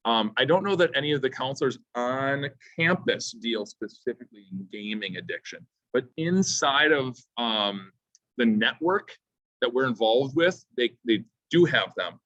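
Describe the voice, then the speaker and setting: A man's voice: mid-range voice, animated, moderate pace, a bit bright, dry recording. A man leads a parent seminar at a school, earnest and pleading as he gives advice. The sound is dull and lo-fi, with a dry, close feel. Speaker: teacher and seminar speaker. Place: school room.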